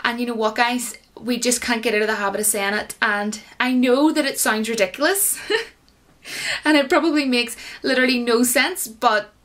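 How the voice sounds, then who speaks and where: A woman's voice: a little high, normal speed, a bit bright. Chatty, giggly Irish woman. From Ireland. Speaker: YouTuber. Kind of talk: casual explainer video.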